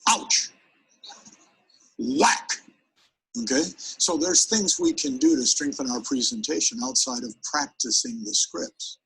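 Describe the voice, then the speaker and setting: Man, seminar trainer, husky tone, energetic, speaks directly to the audience. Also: mid-range voice, moderate pace, few pauses, low-quality recording. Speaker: sales presentation trainer. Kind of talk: live seminar talk.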